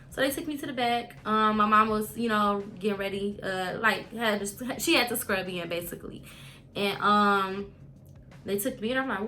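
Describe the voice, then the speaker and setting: A young woman vlogging a candid, animated personal story, full of casual fillers. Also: medium pitch, moderate pace.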